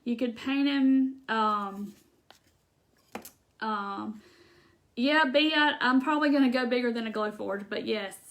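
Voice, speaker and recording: A woman's voice: on the high side, measured pace, long pauses. Chatty woman on a live craft stream. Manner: chatty, rambling, frequent ums and laughs. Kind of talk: casual live-stream chat answering comments.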